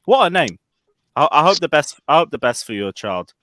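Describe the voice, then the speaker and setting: A man's voice: a little high, big pitch swings, brisk, fairly bright tone. A man hosting a casual live stream, reading out and answering chat comments.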